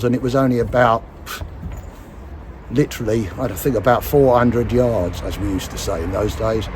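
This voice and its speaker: A man's voice: mid-range voice, a little hiss or hum. A man, telling a long story in a casual, rambling way and correcting himself as he goes. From London area, England. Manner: rambling, self-correcting, chatty. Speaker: actor and musician telling a career story. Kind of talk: casual anecdote.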